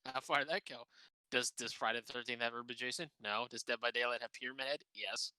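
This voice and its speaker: A man co-hosting a casual gaming podcast, excitable, swearing often and laughing a lot. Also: medium pitch, quick pace, clear, resonant tone, dry recording, rough recording. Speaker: podcast co-host.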